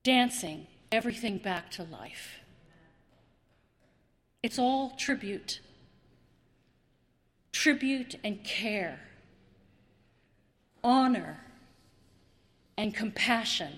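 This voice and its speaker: A woman preaching a sermon, slow and dramatic, with long pauses and repeated words. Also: a little high, expressive, fairly bright tone, long reverb tail.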